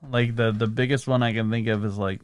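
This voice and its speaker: A man's voice: lowish voice, fairly even intonation, fairly quick, clean tone. A man co-hosting a podcast in casual chat, hesitantly thinking aloud with lots of fillers. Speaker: podcast co-host.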